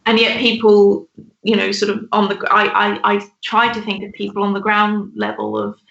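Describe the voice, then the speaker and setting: A woman's voice: mid-range voice, level tone, moderate pace, vocal fry, fairly bright tone, reverberant, lo-fi sound. A woman co-hosting a podcast, chatting in a rambling way with many restarts. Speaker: podcast co-host. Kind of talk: casual discussion.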